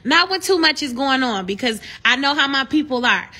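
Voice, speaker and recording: A young woman hosting a casual live stream, talking with fans and turning to animated, preachy encouragement. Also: sits high, fairly quick. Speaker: livestream host.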